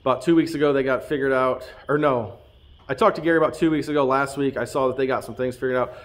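A man's voice: mid-range voice, steady tone, fast. A man in his thirties, a farm vlogger, talking casually and earnestly to his viewers from his farm. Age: 30s. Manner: earnest, heartfelt, thanking viewers. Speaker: farm vlogger and channel host. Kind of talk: casual talk to camera.

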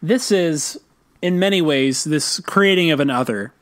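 A man with a slightly high voice co-hosts a podcast. He lays out his ideas at length in easy, casual talk, and slips in dry, wry asides. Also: lively intonation, a little slow, fairly bright tone. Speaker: podcast co-host. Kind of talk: casual chat.

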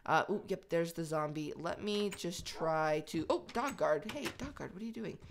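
A woman hosting a video game let's play, chatty and excitable, talking to her pets as she plays. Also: fairly low pitch, normal speed, slight background noise.

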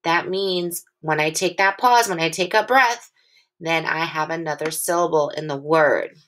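A woman teaching a phonics lesson to young children, patient and encouraging, stretching her sounds out slowly and clearly. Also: low-pitched, a bit bright.

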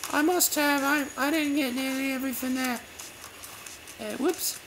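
A woman's voice: high-pitched, steady tone, moderate pace, fairly bright tone. A woman giving casual let's play commentary, musing aloud and chatting to herself as she plays. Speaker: gameplay video host. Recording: noisy home recording.

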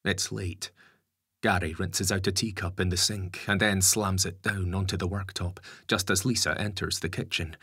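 A man narrating an audiobook story in a measured storytelling manner. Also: deep voice, fairly even intonation, pushed and bright, breathy edge, dry recording, clean studio sound.

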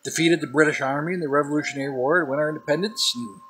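A man's voice: fairly high pitch, fast talker, a bit bright, slight background noise. A middle-aged man hosting a comedic vlog, telling corny jokes and puns in a chatty monologue. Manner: corny, jokey pun-telling delivery. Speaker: host. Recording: background music under voice.

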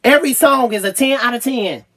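A woman gushing over an album in a casual review vlog, swearing freely and stammering with repeated fillers, at times choking up and trailing off quietly. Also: fairly high pitch, brisk, creaky. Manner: gets choked up and trails off quietly. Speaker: music reviewer.

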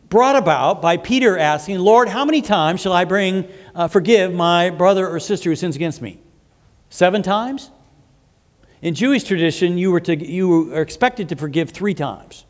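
A male pastor preaching a sermon, explaining scripture with asides and frequent restarts. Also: high-pitched. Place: church sanctuary. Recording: long hall reverb.

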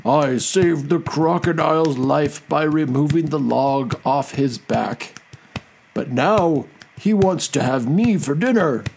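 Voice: medium pitch, huge pitch swings, unhurried, few pauses, mellow, a little hiss or hum. A storyteller voicing a kind, proud male buffalo in an earnest, plain manner. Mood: aggrieved.

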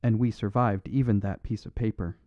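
A man voicing a priest and amateur detective who speaks gently and quietly. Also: lowish voice, fairly even intonation, moderate pace, dry recording, lightly acted. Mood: gentle. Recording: dull dry recording.

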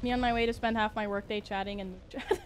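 A woman's voice: mid-range voice, fairly even intonation, fast talker, a little hiss or hum. A young woman from Canada streaming a video game, chatting playfully with her audience and laughing often. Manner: playful and giggly, reads chat aloud. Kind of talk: casual gaming livestream chat.

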